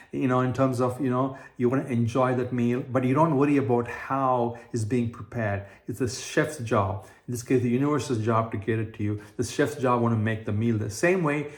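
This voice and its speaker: Earnest self-help coach man, echoey room. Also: mid-range voice. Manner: earnest and repetitive, uses everyday examples, frequent fillers and restarts. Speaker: manifestation coach. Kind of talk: motivational self-help talk. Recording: roomy echo.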